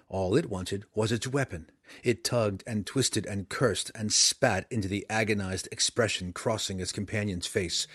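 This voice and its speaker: A man reading a fantasy novel aloud as audiobook narrator, in a measured, dramatic storytelling manner. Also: on the low side, dry recording, studio quality.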